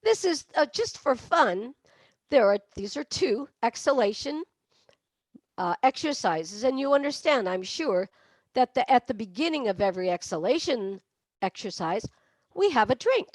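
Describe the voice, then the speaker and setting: A woman's voice: fairly high pitch, very animated, normal speed, dry recording, studio quality. A woman leading a singing lesson on breathing, demonstrating with barks, meows and sung laughs. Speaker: vocal coach. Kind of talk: online voice lesson.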